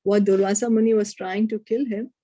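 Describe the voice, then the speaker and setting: A woman teaches a spiritual lesson, retelling a scripture story and drawing out its morals. She speaks in a warm, dark, slightly husky voice. She leans on rhetorical questions to draw her listener in. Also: mid-range voice, fairly even intonation, a little fast, dry recording.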